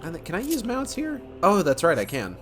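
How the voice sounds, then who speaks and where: A man's voice: high voice, wildly swooping pitch, brisk. A man streaming a video game, chatting casually and rambling as he plays. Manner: chatty, rambling, with fillers and hums.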